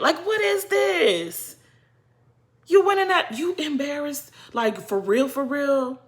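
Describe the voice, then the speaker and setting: Young woman, casual reaction vlogger, animated and exasperated, bright forceful voice, higher pitch. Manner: animated, exasperated, talks straight to the people she discusses. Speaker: reality TV commentator.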